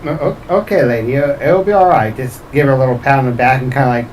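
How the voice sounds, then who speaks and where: A man playing a tabletop horror game, plain-spoken and gruff in character. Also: medium pitch, expressive, fast, a little mellow, slight background noise, low-quality recording. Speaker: player. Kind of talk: casual tabletop role-play.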